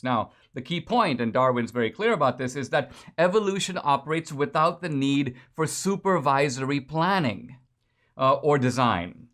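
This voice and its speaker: A man's voice: medium pitch, a bit bright. Sarcastic lecturing male commentator. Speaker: political commentator. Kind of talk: lecture-style political commentary.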